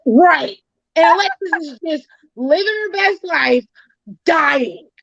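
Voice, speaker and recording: A high-voiced woman hosts a casual podcast chat and tells a story with lots of acted-out quotes and swearing. The sound is dry and a bit dull, like a lo-fi home setup. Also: takes it slowly, vocal fry, dry recording. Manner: animated storytelling, acts out quotes, swears freely. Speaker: podcast host.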